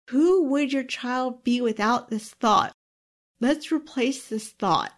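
Earnest, emotional woman coach, higher voice. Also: expressive, takes it slowly. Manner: earnest and openly emotional, exclaiming. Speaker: time management coach; parent. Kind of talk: self-help teaching monologue.

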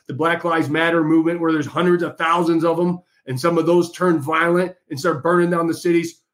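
A man hosting an opinionated political monologue, combative and mocking, talking straight to his listeners. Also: on the high side. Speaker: political commentary host.

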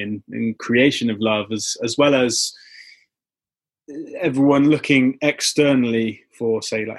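Hesitant male interviewer, husky, reflective, stumbling restarts. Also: mid-range voice, fairly bright tone. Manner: hesitant, repeats words while thinking. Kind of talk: reflective conversational questions.

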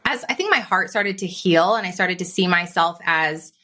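A woman on a podcast interview recounts her journey in an animated, flowing way. Her voice is bright and forward, and she keeps slipping into quoted dialogue of her own thoughts. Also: fairly low pitch, moderate pace. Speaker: podcast guest, business coach. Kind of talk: conversational interview storytelling.

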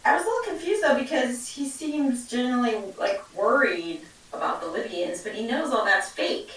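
A woman's voice: fairly high pitch, animated, normal speed, a bit bright. Distant, echoey woman in casual chat. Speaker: podcast co-host. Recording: roomy and distant from the mic.

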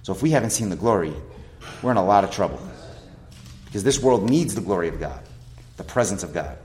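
Preaching with emphasis, this pastor sounds animated and fairly quick, his voice fairly low and darkish in tone. His sermon poses rhetorical questions to the congregation, with scripture read aloud between points.

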